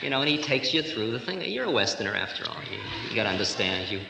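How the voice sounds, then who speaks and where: A man in his forties gives a spiritual talk to a live audience in a lecture hall, telling stories with a chuckle in his voice. The old recording rings with long hall reverb and a steady hiss underneath. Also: fairly low pitch, quick pace, vocal fry. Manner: humorous, storytelling, chuckling. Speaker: spiritual teacher.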